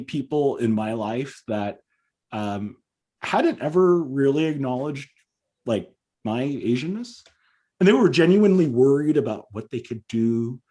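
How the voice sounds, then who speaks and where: A man's voice: medium pitch, a little mellow. Podcast guest: a man from Southern California with a mid-range voice, earnest and emphatic, fillers throughout. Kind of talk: conversational interview.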